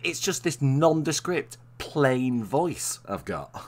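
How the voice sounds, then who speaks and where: A man's voice: medium pitch, big pitch swings, slow. A man from Manchester hosting a live stream, chatting casually and rambling through stories with frequent self-corrections. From Manchester, England. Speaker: streamer host. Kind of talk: casual chat.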